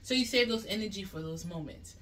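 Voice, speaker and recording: A woman's voice: medium pitch, expressive, brisk, a bit bright. Woman giving chatty advice, mic set back. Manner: chatty, leans on "you know what I mean". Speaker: relationship advice vlogger. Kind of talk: casual advice talk to camera. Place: bathroom. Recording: voice a bit far from the mic.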